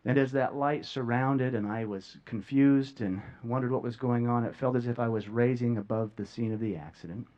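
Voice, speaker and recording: A man speaks from a stage to an audience in a middle-pitched voice, earnest and heartfelt. He halts often, repeating words and pausing long. The sound is slightly dull and lo-fi. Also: steady tone, darkish tone. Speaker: speaker sharing a near-death experience. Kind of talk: emotional public talk to an audience. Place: stage before a live audience.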